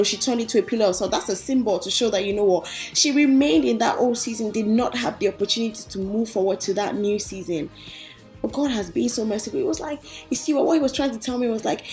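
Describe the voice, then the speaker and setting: A woman's voice: fairly high pitch, fairly quick, a little mellow, soft background music. Earnest young woman sharing her faith. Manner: earnest and chatty, addresses viewers as guys. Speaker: Christian vlogger. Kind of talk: casual inspirational faith talk.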